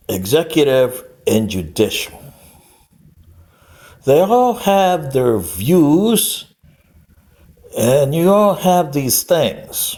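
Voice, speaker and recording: A man's voice: medium pitch, darkish tone. An older man giving a rambling, scolding lecture-style monologue straight to the camera. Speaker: vlogger.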